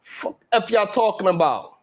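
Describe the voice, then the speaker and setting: A man hosting his own live stream show, boasting and trash-talking the haters in a loud, hyped rant full of cursing. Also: high voice, animated, moderate pace. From Brownsville, Brooklyn.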